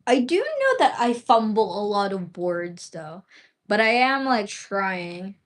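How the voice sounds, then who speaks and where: A woman's voice: mid-range voice, big pitch swings, slow. A young woman hosting her own livestream, chatting casually and rambling with many "like" and "um" fillers. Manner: rambling, heavy use of "like" and "um" fillers. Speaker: livestream host.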